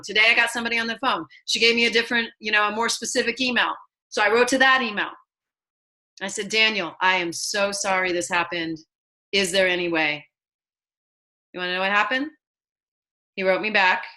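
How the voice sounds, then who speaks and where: A woman leads a motivational lesson over a video call, speaking with earnest emphasis and a bright, clear edge to her voice. She sits at a mid pitch for a woman and tells personal stories to drive home her points. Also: poor audio. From lives in Los Angeles. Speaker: online class teacher.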